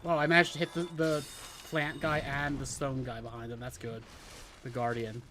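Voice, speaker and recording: A man's voice: medium pitch, flat delivery, normal speed, background noise. Chatty guy commentating his gameplay. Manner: chatty, self-deprecating, casual swearing. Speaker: streamer playing a game. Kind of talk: casual let's play commentary.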